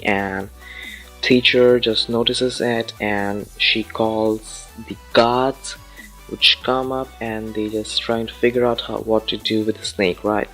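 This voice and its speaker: Indian guy vlogging, rambly story, kinda low voice, faint music under it. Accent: Indian English. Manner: rambling, loose, swears casually. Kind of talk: casual storytelling to camera.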